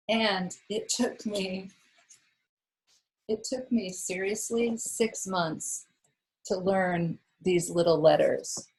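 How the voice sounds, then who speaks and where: A woman's voice: mid-range voice, fairly even intonation, slow pace, darkish tone, low-quality recording. A woman yoga teacher talking her class through a practice in a chatty, rambling way with lots of fillers. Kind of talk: casual yoga class talk.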